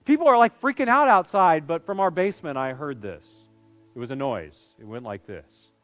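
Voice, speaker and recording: A middle-aged man preaching through a personal story, swinging between loud bursts and hushed, low lines. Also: expressive, normal speed, soft background music. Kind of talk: sermon storytelling. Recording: reverberant hall, dull sound.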